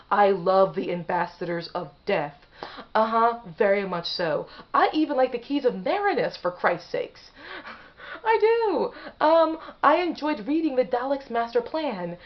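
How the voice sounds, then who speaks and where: A woman talking straight to camera in a casual opinion vlog, rambling and often restarting her sentences. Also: on the high side. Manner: rambling, restarts and self-corrections. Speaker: vlogger. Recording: slightly dull lo-fi audio.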